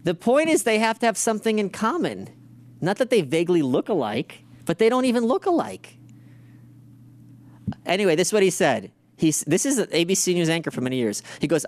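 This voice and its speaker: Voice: medium pitch, very animated, fairly quick, a little mellow. A podcast host giving profane, sarcastic commentary on video clips and mocking the people in them. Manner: sarcastic, mocking, swears a lot; mimics others in put-on voices.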